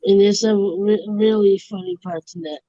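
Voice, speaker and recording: A woman chats on a live stream in a mellow, warm voice. Her audio is dry and slightly dull, like a lo-fi online call. She tells stories with animation and acts out the quoted lines. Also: medium pitch, steady tone, moderate pace, dry recording. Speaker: co-host. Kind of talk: casual chat.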